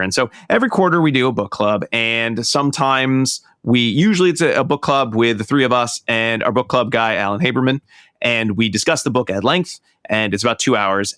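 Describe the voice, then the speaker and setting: A man of medium pitch and fairly bright tone co-hosts a podcast, heard in a dry, clean studio recording. The chat is loose and rambling, with frequent self-corrections.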